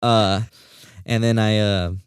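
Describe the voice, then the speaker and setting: A man's voice: lowish voice, fairly even intonation, slow pace, clean tone, dry recording. A young man, a security guard, casually telling a story in a rambling way, full of fillers and acted-out quotes.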